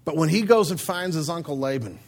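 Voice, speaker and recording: High-voiced man preaching with jokes. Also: a little fast, creaky. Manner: joking, animated, conversational. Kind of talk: humorous sermon.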